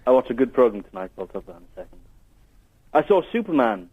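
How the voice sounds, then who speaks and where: Guy calling in on a tinny phone line, talks fast and chatty. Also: mid-range voice, sing-song, slightly rough. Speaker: caller. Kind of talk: casual chat.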